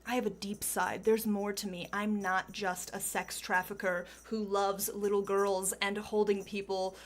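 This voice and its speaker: A woman's voice: mid-range voice, level tone, measured pace, natural voice. A woman playing a smug, pompous older man.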